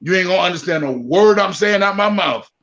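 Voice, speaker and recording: A man from Jamaica in a casual chat, animated and quick to explain himself again. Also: sits high, muffled recording.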